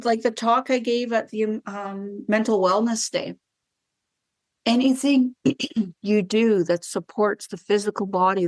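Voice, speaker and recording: A woman, a guest wellness practitioner on a podcast interview, who tells animated stories and acts out the dialogue. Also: mid-range voice, dry recording. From Canada.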